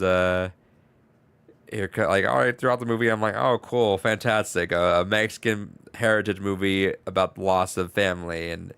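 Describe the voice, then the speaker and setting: A low-voiced man with a gravelly edge, rambling through a casual podcast story. He restarts his words often and swears easily. His voice stays smooth and resonant under the grit. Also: a bit bright, no room sound. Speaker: podcast co-host. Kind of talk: casual chat.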